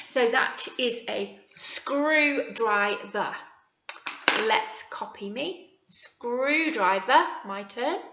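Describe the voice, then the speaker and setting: An English woman teaching phonics to young children, sounding out words slowly and warmly encouraging them. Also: a little high, roomy sound, muffled recording, a little hiss or hum. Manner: slow, sing-song, exaggerated word sounding for small children. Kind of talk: early years phonics lesson.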